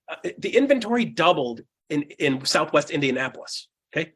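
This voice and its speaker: A man leading a live seminar for real estate agents, energetic and blunt, swearing casually, laughing often and checking in with "right?". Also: on the high side, brisk, few pauses, slightly rough. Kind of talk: live seminar talk to an audience.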